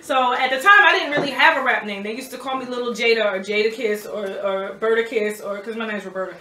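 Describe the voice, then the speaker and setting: A young woman, a rapper, telling stories in a casual interview, animated and often laughing. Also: fairly high pitch, fast, far from the mic. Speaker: rapper guest. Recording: roomy echo, off-mic, faint background noise.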